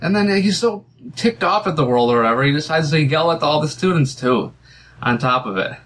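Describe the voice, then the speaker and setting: A man hosting a casual podcast discussion. He talks in an animated way and laughs often. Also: fairly high pitch, brisk.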